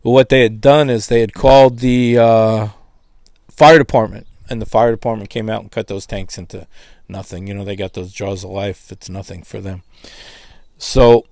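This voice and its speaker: A middle-aged man giving a spoken testimony, telling his story in a lively way and acting out the voices of others. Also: lowish voice, no echo. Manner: animated, acts out quoted voices. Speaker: testimony speaker.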